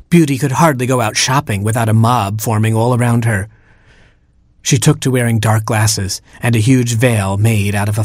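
A man's voice: medium pitch, a little mellow, slightly rough, dry recording. Wry male storyteller, dry sound. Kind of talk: scripted narration.

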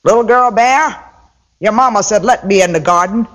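A man plays a sly, greedy rabbit trickster in a spoken folktale. The voice climbs high and pushes a little louder, sing-song and wheedling as he asks for favors. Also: normal speed.

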